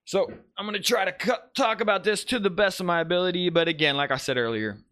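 A man's voice: high-pitched, fast talker, pushed and bright, no room sound, clean studio sound, soft background music. A man hosting a live podcast, talking casually and rambling, correcting himself and greeting chat viewers as he goes. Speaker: podcast host.

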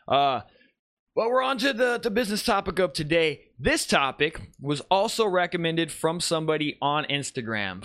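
A man's voice: a little high, bright, forceful tone, no room sound, studio quality. A man hosting a live podcast, talking casually and rambling, correcting himself and greeting chat viewers as he goes. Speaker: podcast host.

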